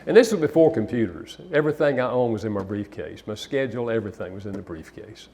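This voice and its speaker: A man's voice: lowish voice, fast, creaky. Older man telling stories. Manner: animated storyteller, acts out quotes. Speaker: speaker and author. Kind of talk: storytelling talk.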